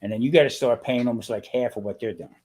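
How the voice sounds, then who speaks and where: A man's voice: mid-range voice, quick pace, darkish tone, slightly rough. An older man chatting casually on a video call, a rambling storyteller who grumbles and complains. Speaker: guest. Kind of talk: casual chat.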